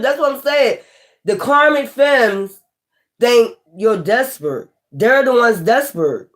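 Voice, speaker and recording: A woman's voice: fairly high pitch, expressive, takes it slowly. A woman tarot reader in a casual, scornful rant, blunt and profane, hammering her points home by repeating them. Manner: repetitive, emphatic.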